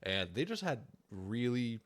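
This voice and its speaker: A man's voice: medium pitch, very animated, unhurried. A young man giving a casual, jokey livestream presentation on his trip, chatty and laughing often.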